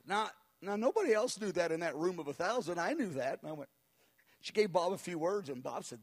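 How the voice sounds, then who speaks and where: Middle-aged male preacher, high-pitched voice, animated storytelling, acts out quotes, sermon. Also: a little fast.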